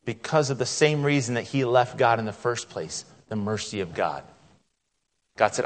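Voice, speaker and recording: A man delivering a sermon in a church, his voice ringing with a long reverb. He swings from loud, climbing exclamations down to soft, hushed passages. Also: expressive, normal speed. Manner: dramatic, acts out God's lines with rising pitch and volume; drops to a hushed, soft tone at solemn points. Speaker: preacher.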